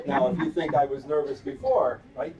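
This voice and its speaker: Heard through dull, distant live-stream audio with faint background noise, an eighty-something cantor uses a fairly high voice. He delivers a storytelling sermon in a chatty, playful way during a synagogue service, stopping to ask the children questions.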